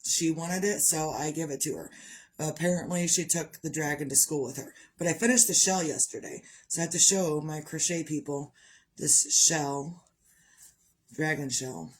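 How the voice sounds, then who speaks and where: Speaking at normal speed in a low voice, a middle-aged crocheter and vlogger works through grief as a mother in a personal video about her crochet projects. Her talk rambles but is deeply heartfelt, and the audio is poor.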